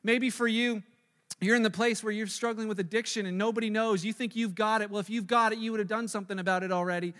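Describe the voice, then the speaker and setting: Man, pastor, preaching sermon, high-pitched, animated, acts out quoted voices, church hall reverb. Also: quick pace. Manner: animated, acts out quoted voices, repeats words when pressing a point. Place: church sanctuary. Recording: long reverb of a large hall.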